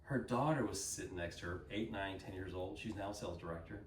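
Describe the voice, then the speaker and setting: A man in his fifties from Texas with a Texan accent, telling animated folksy stories and saying y'all to his audience. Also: deep voice, fast talker. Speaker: guest speaker. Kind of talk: casual storytelling talk. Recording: roomy, distant mic with faint noise.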